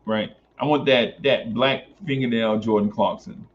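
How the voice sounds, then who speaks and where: Animated man on a sports talk stream. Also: medium pitch, a little slow, slight background noise. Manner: animated, repeats phrases for emphasis. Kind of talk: casual sports talk stream, reading chat. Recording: dull lo-fi stream audio.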